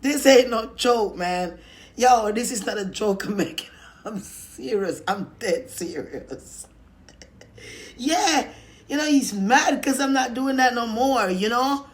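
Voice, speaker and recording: In her vlog, a woman with a higher voice and slow pace gives a heartfelt spiritual testimony. Her speech is emphatic, punctuated by frequent laughter and abrupt shouted prayers.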